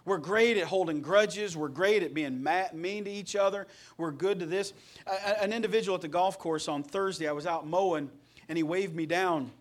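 A man's voice: sits high, moderate pace. A middle-aged man from Indiana preaching a sermon as pastor, telling folksy stories with jokes along the way. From Indiana, USA. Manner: folksy, storytelling, joking.

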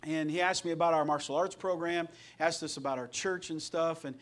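High-voiced folksy preacher from Indiana. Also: male voice, fairly even intonation, fairly quick, a bit bright. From Indiana, USA. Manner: folksy, storytelling, joking. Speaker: pastor. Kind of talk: sermon.

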